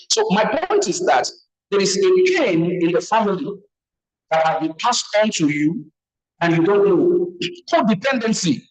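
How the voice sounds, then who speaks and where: A middle-aged Nigerian man with a fairly high voice speaks at a seminar on a video call. He tells personal stories in an earnest way and repeats phrases for emphasis. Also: rough recording. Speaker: speaker on trauma healing. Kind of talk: motivational seminar talk.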